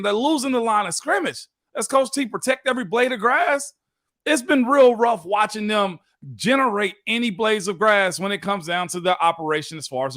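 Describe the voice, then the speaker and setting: A man's voice: high voice, a bit bright, no room sound. A man co-hosting a sports talk show in a studio, an ex-player speaking emphatically in casual chat. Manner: emphatic, calls people man. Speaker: co-host, former football player.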